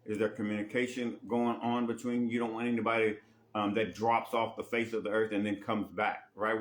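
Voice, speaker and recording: A man's voice: lowish voice, level tone, brisk. A man coaching on dating in a casual teaching monologue, often repeating himself and tagging rhetorical questions with "right?".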